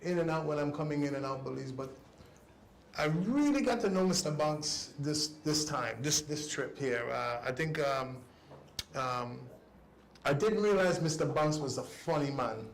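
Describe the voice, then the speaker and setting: A man speaking as a guest on a cycling talk show, giving an earnest, halting spoken tribute that often trails off softly. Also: fairly high pitch, expressive, reverberant, a little hiss or hum.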